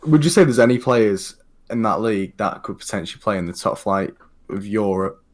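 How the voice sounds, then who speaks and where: A man's voice: on the low side, expressive, brisk. A man co-hosting a podcast in casual chat, asking the guest questions. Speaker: podcast co-host.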